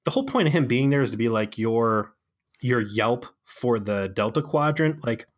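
A man of ordinary pitch talks through a TV episode in a loose, joking podcast recap. He tells it with sarcastic energy, picking things apart as he goes and stumbling over fillers along the way. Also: moderate pace. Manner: sarcastic, animated storytelling with frequent fillers. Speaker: podcast co-host. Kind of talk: casual comedic show recap.

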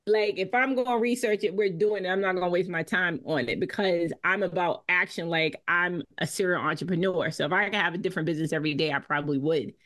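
A woman with a slightly low voice speaks as an interview guest. She talks in an emphatic, self-assured way, relaxed and casual. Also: fast, few pauses. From Boston area.

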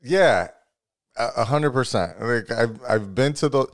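A man's voice: medium pitch, animated, measured pace, no echo, clean studio sound. A man co-hosting a podcast, easygoing and agreeable, rambling in long casual turns. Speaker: podcast co-host.

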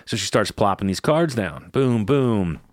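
A man's voice: lowish voice, animated, measured pace, no echo, clean studio sound. A man co-hosting a podcast, telling a personal story in casual chat, candid and swearing freely. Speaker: podcast co-host.

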